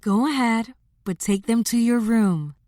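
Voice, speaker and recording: A woman's voice: mid-range voice, animated, unhurried, no room sound, pitched above the performer's own voice, natural voice. Young single mom, teasing her sister, firm with her boys, woman reader doing her, dry close sound. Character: young single mother, warm but guarded.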